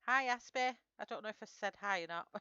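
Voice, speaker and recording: A woman's voice: medium pitch, a little fast, sharp tone, clean tone, dry recording, dull audio. A woman with a Northern English accent, chatting through a live colouring tutorial and answering viewers' comments as she works. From Northern England. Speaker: streamer.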